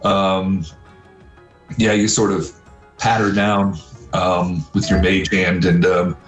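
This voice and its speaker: Brief: low-voiced game master, loose and rambling, roomy echo, faint music. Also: male voice, little pitch movement, far from the mic. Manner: casual, halting narration with many fillers. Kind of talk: narrating a tabletop game.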